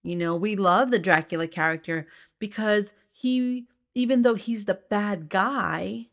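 A woman's voice: medium pitch, unhurried. A woman co-hosting a casual podcast chat about a film, emphatic and swearing freely. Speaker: podcast co-host reviewing a film.

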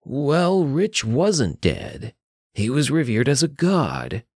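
A man's voice: medium pitch, wildly swooping pitch, slow, a little mellow, slightly rough, no room sound, studio quality, pitched above the performer's own voice, exaggerated voice. A man voicing an old grandfather with a thick, tired voice in an audio story. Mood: explaining.

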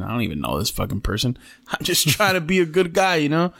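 A man's voice: medium pitch, very animated, quick pace, creaky, fairly bright tone. Podcast host, man, casual storyteller: profane, slangy, laid-back mid-range voice. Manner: profane, slangy, keeps saying "bro".

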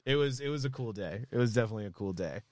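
A man, a comedian guest on a podcast, telling a comic anecdote casually and with lively energy, swearing freely. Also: fairly low pitch, racing, dry recording, clean studio sound.

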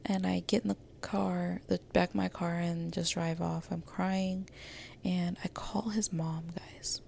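A woman with a deep, gravelly voice talks through a personal podcast monologue. She rambles candidly, circling back with fillers and restarts. Her tone is dark and mellow. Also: steady tone, moderate pace, a little hiss or hum. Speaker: podcast host.

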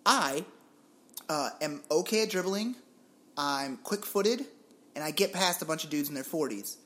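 A young Puerto Rican man with a voice that sits high, speaking at normal speed, co-hosts a casual sports podcast. He's an animated storyteller who laughs a lot and swears casually.

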